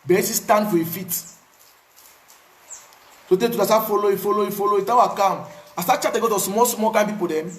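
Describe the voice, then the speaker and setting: A man with a Cameroonian Pidgin English accent tells his own story in a casual, animated way, repeating words for emphasis. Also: high-pitched, fairly quick, long pauses, roomy sound. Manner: animated, repetitive, pidgin phrasing. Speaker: activist.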